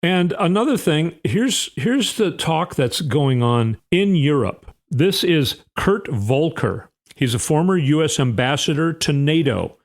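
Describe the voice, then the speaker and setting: A man's voice: a little high, animated, measured pace, few pauses. A man hosting a casual political commentary, reading news excerpts aloud with conversational asides.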